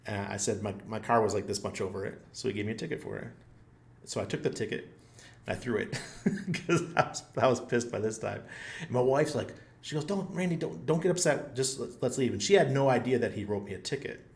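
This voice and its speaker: Telling a funny story on his own channel, this host rambles casually, pokes fun at himself and laughs frequently. He talks briskly in a lowish, gravelly voice, recorded with a roomy echo.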